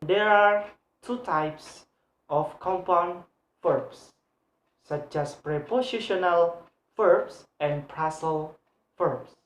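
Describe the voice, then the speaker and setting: Young male student presenter. Slow, halting delivery full of fillers, repeats examples, recorded in a roomy echo. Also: high voice. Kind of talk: explaining grammar in a class video.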